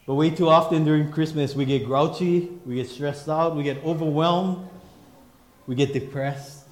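A pastor preaching a sermon in emphatic, repeating refrains. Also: male voice, on the high side, darkish tone, reverberant.

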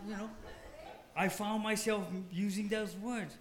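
A man's voice: high-pitched, steady tone, unhurried, noisy background. A male pastor with a Hawaiian Pidgin English accent, preaching a humorous, emphatic, self-deprecating sermon. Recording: roomy hall with faint ambience.

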